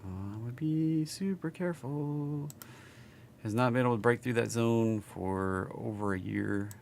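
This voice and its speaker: A man's voice: medium pitch, unhurried, vocal fry, darkish tone, a little hiss or hum. A man with a Southern accent, casually reading stock charts on a live stream and chatting with viewers.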